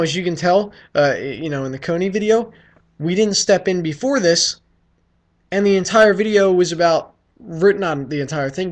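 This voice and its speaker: A man's voice: high-pitched, fairly bright tone. A man from the United States rambling through a casual opinion rant, profane and full of fillers and restarts. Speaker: vlogger.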